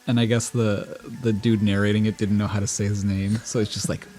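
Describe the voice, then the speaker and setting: A young man co-commentating a casual gaming chat, playful and quick to laugh. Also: fairly low pitch, level tone, a little mellow, slight background noise.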